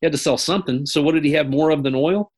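A man's voice: fairly high pitch, very fast, breathy edge. A man, a military veteran guest, telling stories in a rambling way and circling back with fillers. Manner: rambling, repeats himself with fillers. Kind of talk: casual interview storytelling.

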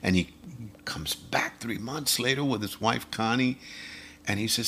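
A percussionist and singer, appearing as a guest musician in a casual interview, tells animated anecdotes, acting out dialogue and chuckling along the way. His voice is medium-pitched at a measured pace, with a little hiss or hum in the recording.

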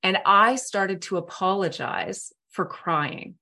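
A middle-aged woman hosting a podcast, telling a personal story in a heartfelt, earnest way with soft pauses. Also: medium pitch. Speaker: podcast host. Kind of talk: reflective storytelling monologue.

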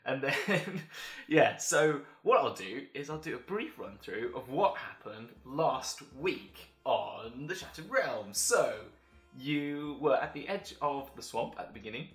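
A man hosting and running a tabletop game, chatty and quick to laugh at himself. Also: mid-range voice, animated, roomy sound, faint music behind. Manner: chatty, laughs often, self-deprecating. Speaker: game master and host.

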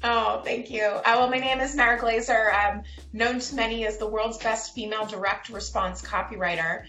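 Calm, mellow young woman guest; roomy echo with music behind. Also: fairly high pitch, normal speed. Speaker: copywriter guest. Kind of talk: interview answers, giving advice.

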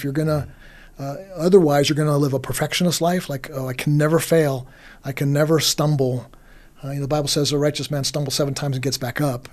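A man, a pastor, talking reflectively on a podcast in an earnest, halting way with many restarts. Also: on the high side.

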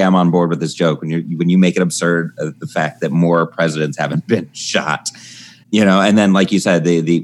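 A man co-hosting a casual chat, relaxed and halting, with many fillers and easy laughter. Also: low-pitched, a little hiss or hum.

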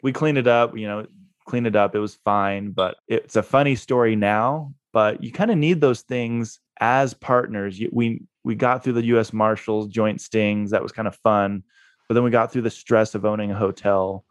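A man's voice: on the low side, steady tone, normal speed, dry recording. A man being interviewed, telling a story in a laid-back way and laughing at himself. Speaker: guest, real estate investor.

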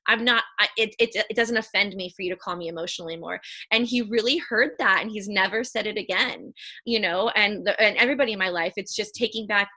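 A high-energy woman who does human design readings appears as a podcast guest in a relaxed, casual interview. Her voice is bright and forceful, and she speaks earnestly, moving quickly and keeping her tone lively.

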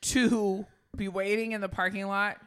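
A woman's voice: mid-range voice, little pitch movement, measured pace, smooth. A woman co-hosting a podcast in casual chat, tipsy from drinking, talking bluntly and with profanity. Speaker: podcast co-host.

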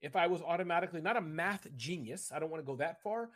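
A man guest on a video-call interview, talking about business in a rambling, animated way and often addressing the host by name. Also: fairly high pitch, fast talker. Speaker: podcast guest, entrepreneur. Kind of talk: casual interview chat.

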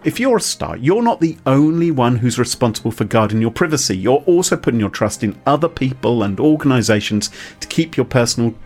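A man hosting a casual tech news podcast, chatty and wry, with plenty of asides. His voice moves lively up and down. Faint music plays behind him. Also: mid-range voice. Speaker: podcast host.

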